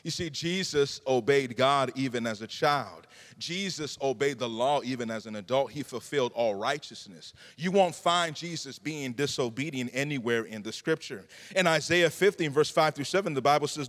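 A man preaches a sermon in a church, his mid-range, slightly bright voice moving at a moderate pace. His delivery has a fervent, repetitive preaching cadence, and the recording carries a long hall reverb.

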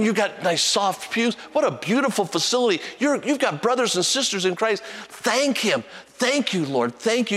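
A man preaching a sermon as pastor, animated and repeating himself with restarts, at times singing a hymn softly. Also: high-pitched, big-room sound. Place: church sanctuary with long reverb.

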